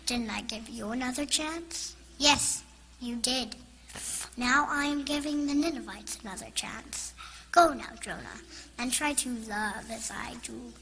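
Casting: woman voicing a kind, patient God for a bible cartoon, high voice, slow and soft. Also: gravelly, exaggerated voice, poor audio. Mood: gentle. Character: gentle, patient God speaking to a prophet. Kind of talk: animated Bible story narration.

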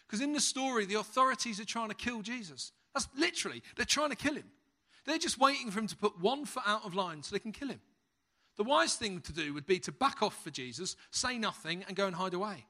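A man's voice: high-pitched, fairly quick. A man with a British accent preaching a sermon, telling stories with humour and animation. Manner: humorous, lively storyteller.

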